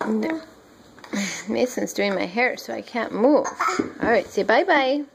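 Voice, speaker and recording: Mom at home, high sing-song baby talk, unhurried, noisy home-video sound. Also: female voice, expressive, gravelly. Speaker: mother.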